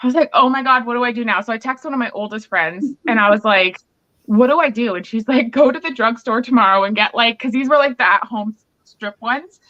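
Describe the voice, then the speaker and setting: A woman's voice: on the high side, brisk, a bit bright. A pregnant woman hosting a podcast, telling a candid story in casual chat and acting out both sides of a quarrel. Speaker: podcast host. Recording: muffled lo-fi recording.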